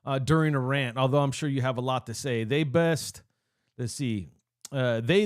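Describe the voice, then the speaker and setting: A man's voice: mid-range voice, moderate pace. A young man hosting a fan channel, ranting live with heated emotion, rambling and cutting himself off mid-thought. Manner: heated, rambling, self-interrupting. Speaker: sports fan channel host. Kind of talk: emotional live-stream rant.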